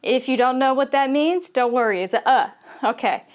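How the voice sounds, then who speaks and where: A young woman teaching spoken English, talking clearly and checking in often with her learners. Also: high-pitched. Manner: slow, clear teaching delivery with frequent laughs and "okay?" checks. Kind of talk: online lesson.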